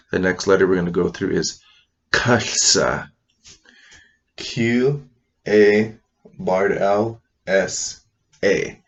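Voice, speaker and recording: A man's voice: low voice, slow pace, pauses often. A man teaching a language class, patiently spelling out and repeating each word three times for learners to follow. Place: classroom with a board. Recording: dull lo-fi sound.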